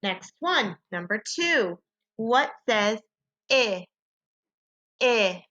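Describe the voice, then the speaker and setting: A woman teaching a phonics lesson to young children, slowly sounding out letters and sounds and asking them to echo her. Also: medium pitch, lively intonation, bright, forceful tone, dull audio.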